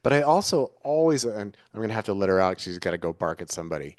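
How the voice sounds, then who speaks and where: A fast-talking man with a lowish, darkish, sing-song voice is the guest in a reflective conversational interview, earnestly searching and recasting his ideas in various ways. The sound is dry, clean studio audio.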